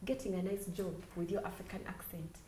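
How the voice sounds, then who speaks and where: A woman's voice: on the low side, steady tone, brisk, warm tone, slight background noise. A Ugandan woman co-hosting a podcast, chatting casually and telling candid stories in which she mimics other people. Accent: Ugandan English. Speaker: podcast co-host. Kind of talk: casual chat. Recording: roomy echo.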